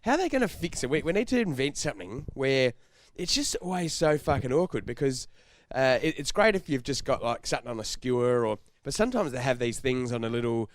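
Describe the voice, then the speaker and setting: An Australian man co-hosting a casual podcast, wandering through his stories with swearing and bursts of laughter. His voice is recorded close and dry, with no room sound around it. His pitch sits in an ordinary middle range. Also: very animated, fairly quick, hardly any pauses, dry recording. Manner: rambling, sweary, laughs often. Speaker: podcast co-host. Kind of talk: casual banter.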